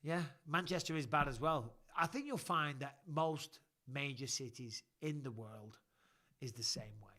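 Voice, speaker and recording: A man's voice: mid-range voice, a little slow, bright, forceful tone. A man hosting a casual live-stream chat and reading viewer questions, talking bluntly and swearing freely. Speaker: host.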